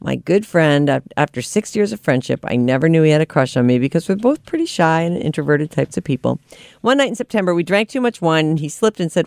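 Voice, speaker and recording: A radio host reading listener emails aloud on air, expressive and quick to laugh. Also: medium pitch, gravelly, no echo, clean studio sound.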